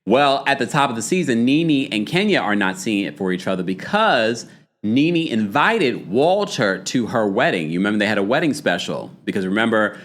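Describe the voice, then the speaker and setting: Animated man recapping reality TV. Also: lowish voice, moderate pace. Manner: animated, laughing, reads chat comments aloud; puts on a dramatic voice to read taglines. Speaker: host.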